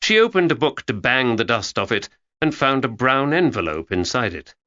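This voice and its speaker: A man reads an audiobook with expressive storytelling, his pitch moving a lot. His voice is bright and forceful, heard through a dull, lo-fi recording. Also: normal speed, dry recording. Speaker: audiobook narrator. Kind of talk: scripted narration.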